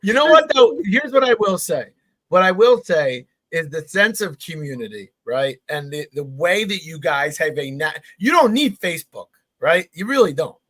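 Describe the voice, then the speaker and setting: A man's voice: fairly high pitch, very animated, normal speed, a bit bright. A man co-hosting a casual podcast chat, asking curious, eager questions. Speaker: co-host.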